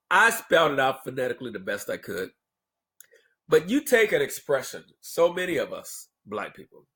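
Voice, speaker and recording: Man, husky voice, emphatic, blunt lecturing, vlog rant. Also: mid-range voice, big pitch swings, moderate pace, a bit bright. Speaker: vlogger. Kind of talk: opinion rant to camera.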